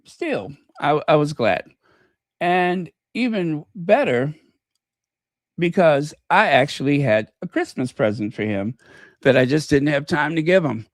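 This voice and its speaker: A man's voice: on the high side, dry recording, clean studio sound. A man hosting his own podcast, talking in a folksy, chatty way and telling stories. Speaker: podcast host. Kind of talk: casual commentary.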